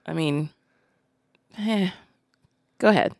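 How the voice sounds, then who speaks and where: Woman in her thirties with a low creaky voice. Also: lively intonation, moderate pace, dry recording, clean studio sound. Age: 30s. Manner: earnest, hesitant, with fillers. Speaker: podcast co-host. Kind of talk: casual chat.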